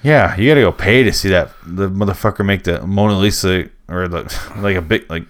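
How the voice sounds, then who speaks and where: A man's voice: sits low, brisk. A man co-hosting a casual late-night podcast chat, ranting with lots of swearing and acted-out quotes. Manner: profane, ranting, acts out quotes. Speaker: podcast co-host.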